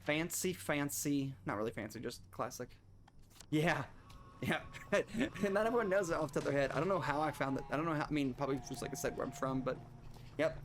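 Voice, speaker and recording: In this casual gameplay commentary, a man with a slightly high, brisk voice chats with viewers while streaming a video game. He rambles, restarts his thoughts, and drifts into asides.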